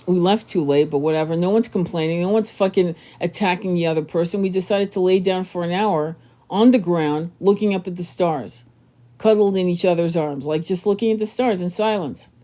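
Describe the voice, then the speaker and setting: This woman speaks in a low, warm register. She gives relationship advice as a tarot reader in a casual monologue, blunt and full of swearing, with plenty of emphasis. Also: fairly quick.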